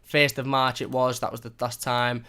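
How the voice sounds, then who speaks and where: A man's voice: medium pitch, level tone, moderate pace, pushed and bright, clear, resonant tone. A young man hosting a football fan live stream, reading out viewer comments and thanking them in a chatty, repetitive way. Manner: chatty, thankful, repeats phrases. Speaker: fan channel host.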